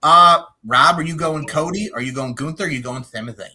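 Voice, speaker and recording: A man's voice: fairly high pitch, brisk, pushed and bright, a little hiss or hum. A man hosting a casual wrestling podcast, loose and profane, quizzing his co-hosts. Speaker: podcast host.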